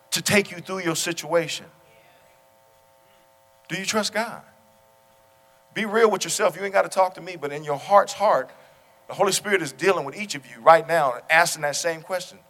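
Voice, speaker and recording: A man preaching in a church, his voice bright and a little high for a man. He tells stories in a conversational tone and builds to loud, repeated exclamations. A long reverb trails behind him in the hall. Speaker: pastor. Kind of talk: sermon. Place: church sanctuary.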